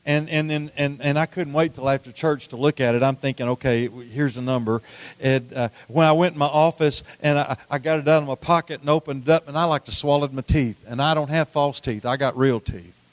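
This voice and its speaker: A middle-aged man preaching a sermon, telling folksy stories with repeated words and swings from loud to hushed. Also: mid-range voice, fairly even intonation, a little fast, dry recording. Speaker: pastor.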